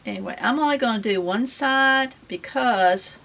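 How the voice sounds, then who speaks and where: Middle-aged woman, folksy craft vlogger, rambling chat, slight vocal fry. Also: fairly high pitch, moderate pace, fairly bright tone. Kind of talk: casual chat while crafting.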